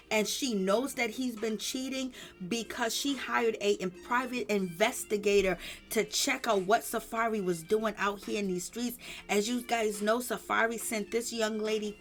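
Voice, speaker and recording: A woman giving casual celebrity gossip commentary, retelling the drama with emphatic repetition. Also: medium pitch.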